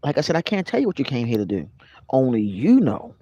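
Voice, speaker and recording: In a medium-pitched, slightly rough voice, a spiritual vlogger talks fairly quickly through a casual motivational spiritual talk. He stays animated and conversational, greeting live viewers by name, and the audio sounds dull.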